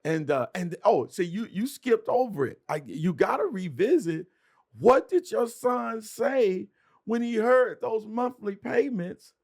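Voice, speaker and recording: A man's voice: high voice, animated, unhurried, vocal fry, darkish tone. A man hosting a podcast, talking in a fervent, preacher-like cadence with repeated starts. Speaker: podcast host. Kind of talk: passionate conversational commentary.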